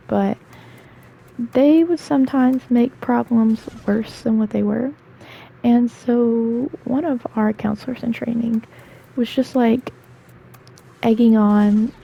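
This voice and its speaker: Playing a game, a woman in her twenties rambles through casual stories, chatty and full of fillers and asides. Her voice is fairly high, creaky and husky, and the audio sounds dull.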